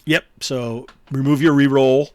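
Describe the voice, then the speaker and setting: A man's voice: medium pitch, steady tone, a little slow, darkish tone, clean tone. A man running an online tabletop game as game master, explaining rules with many fillers and restarts. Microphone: headset or desk mic on a video call.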